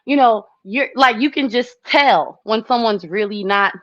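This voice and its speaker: A woman's voice: on the high side, a little slow, a bit bright, no room sound. Woman host, chatty and laughing, talks to viewers in a dry, dull lo-fi recording. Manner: chatty, laughs often, acts out what people said. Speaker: live stream host. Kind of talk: casual live chat to viewers.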